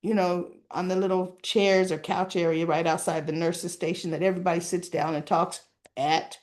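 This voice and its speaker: A woman's voice: lowish voice, level tone, moderate pace, darkish tone. A woman talking casually as she recaps a soap opera episode, with frequent asides asking the listener "right?".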